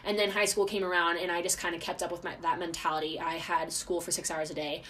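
A young woman in her twenties hosts her own podcast, talking in a loose, rambling way. Her voice sits a little low for a woman, and she fills her sentences with constant fillers. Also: level tone, fast, a bit bright. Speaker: podcast host. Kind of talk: casual solo chat.

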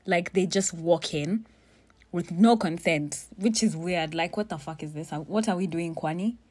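A woman's voice: lowish voice, unhurried, breathy edge. Profane young woman telling stories. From Kenya. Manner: blunt, profane, animated storytelling. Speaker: vlogger. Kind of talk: casual storytelling monologue.

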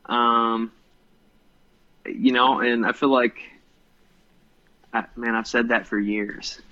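A man's voice: medium pitch, flat delivery, takes it slowly, sharp tone, highs cut off. A young man co-hosting a podcast in casual chat, rambling and hesitant with lots of ums. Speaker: podcast co-host.

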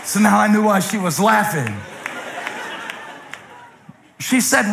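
A male pastor preaching a sermon, telling funny stories and swinging from loud exclamations down to hushed lows. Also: very animated, measured pace, gravelly, long pauses, long reverb tail, slight background noise. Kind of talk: sermon with humorous storytelling.

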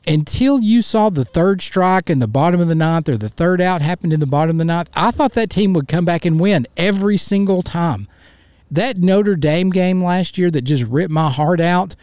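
A frustrated man hosts his own sports podcast, venting in a blunt, fired-up rant and hammering points home by repeating them. His voice sits a little high for a man, and the recording is close and dry with no room sound. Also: expressive, normal speed, darkish tone, dry recording. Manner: blunt, repeats himself for emphasis. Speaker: podcast host. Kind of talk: solo sports podcast commentary.

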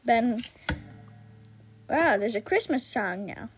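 A woman's voice: on the high side, lively intonation, slow, soft background music. A young woman casually reading a comic aloud, giggling and doing the characters' voices.

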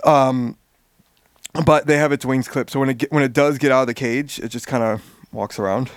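A man recapping a story in casual chat, animated and swearing freely. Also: medium pitch, moderate pace, dry recording. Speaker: podcast co-host.

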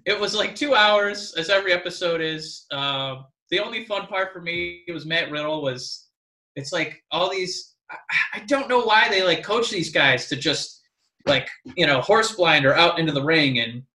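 Animated rambling man in echoey room. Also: fairly high pitch, normal speed. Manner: rambling, animated, mock-crying impressions. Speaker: podcast co-host. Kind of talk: casual wrestling chat.

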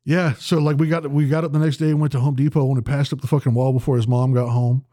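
A man's voice: medium pitch, little pitch movement, quick pace, dark tone, no room sound, studio quality. A man telling a wild story in casual podcast chat, swearing constantly and acting out the quotes.

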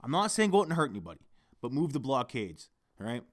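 A man's voice: medium pitch, big pitch swings, quick pace. A man hosting a solo podcast, ranting heatedly and swearing constantly into his microphone. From Canada. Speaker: podcast host.

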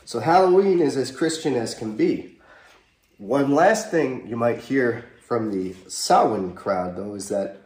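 Speaking a little slowly, a male pastor with an expressive, medium-pitched, darkish voice preaches live in a small chapel. He keeps it conversational and asks his listeners questions, and the distant recording carries room echo.

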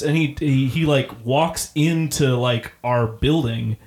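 A man's voice: medium pitch, unhurried. A man co-hosting a casual podcast who tells a work story with a lot of swearing, laughing often and acting out what people said. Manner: profane, laughs often, acts out quotes. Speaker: podcast co-host.

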